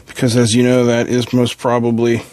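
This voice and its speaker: A man's voice: mid-range voice, completely flat delivery, moderate pace, darkish tone, no room sound. A man hosting an electronics tutorial from his home workbench, chatting casually and joking about himself while he works. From Appalachian region of the US. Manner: chatty, self-deprecating, talks while working.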